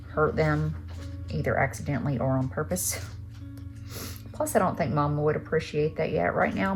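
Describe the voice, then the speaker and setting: A woman chatting casually to her camera on a tripod in her living room, with a soft, chatty manner. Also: sits low. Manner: soft, chatty, coos in baby talk to the kittens. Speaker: knitting vlogger. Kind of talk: casual vlog chat.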